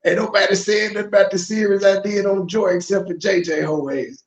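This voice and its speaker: A man's voice: high-pitched, fairly even intonation, a little fast, roomy sound, highs cut off. A man hosting reaction commentary, profane and mocking as he rants. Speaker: commentary host.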